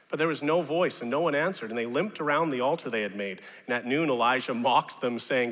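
A man preaching a sermon as pastor, animated and rising now and then to loud mocking shouts. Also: mid-range voice, fast. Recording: long reverb of a large hall.

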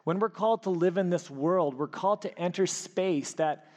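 Male pastor, high voice, sermon, animated storytelling, long hall reverb. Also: normal speed. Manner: animated storytelling, frequent restarts.

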